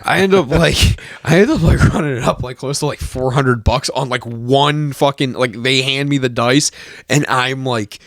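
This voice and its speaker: A man telling a long story among friends on a podcast, rambling and swearing freely. His voice sits at a middling pitch and is recorded dry and close. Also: normal speed, no room sound. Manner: rambling, profane, heavy on fillers. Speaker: podcast co-host.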